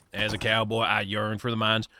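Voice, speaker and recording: A man's voice: lowish voice, monotone, moderate pace, sharp tone. A man livestreaming a game, chatting and joking with his viewers in a put-on cowboy drawl. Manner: joking, teasing the chat. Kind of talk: casual live-stream chat while gaming.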